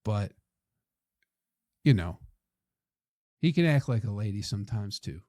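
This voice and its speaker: A young man rambles through a comic story, profane and exasperated. His voice is dark and mellow. The sound is dry and close, with no room around it. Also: on the low side, animated, unhurried, no room sound. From Flint, Michigan. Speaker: podcast host, comedian.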